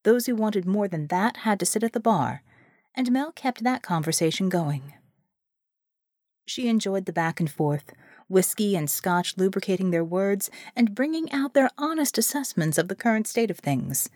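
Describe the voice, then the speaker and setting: Reading scripted audiobook narration, this woman tells the story expressively in a mid-range voice at normal speed. The studio sound is clean, with no room sound.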